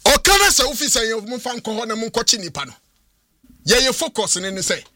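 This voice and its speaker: A man's voice: extremely high pitch, sing-song, quick pace, pushed and bright, no echo, studio quality. A man with a Ghanaian accent, hosting a sports radio talk show and giving emphatic, argumentative opinions. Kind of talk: radio sports talk in mixed Twi and English.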